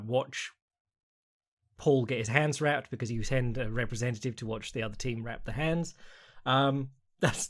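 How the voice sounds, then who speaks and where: A man hosting a solo podcast, reading out listener questions and answering in a rambling, chatty way with quick asides. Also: mid-range voice. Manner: mimics people in quoted voices. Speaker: podcast host.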